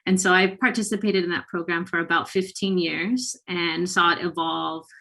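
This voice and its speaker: Measured low-voiced woman panelist. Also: fairly even intonation, sharp tone, poor audio. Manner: measured, pausing often. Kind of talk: webinar panel talk.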